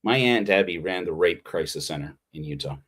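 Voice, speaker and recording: Male pastor, lower voice, informal livestreamed sermon, meandering and sincere. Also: lively intonation, fairly quick, fairly bright tone. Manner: rambling, heartfelt, with frequent restarts. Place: Utah.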